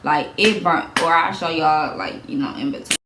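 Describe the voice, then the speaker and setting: A young woman telling a storytime vlog in a casual, animated way, repeating herself, swearing and laughing as she goes. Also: low voice, moderate pace, reverberant, background noise. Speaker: vlogger.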